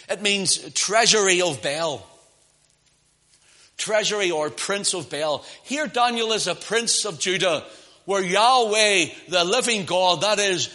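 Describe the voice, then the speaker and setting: High, bright-voiced male preacher. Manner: impassioned, swings from loud emphasis to hushed asides. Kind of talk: sermon.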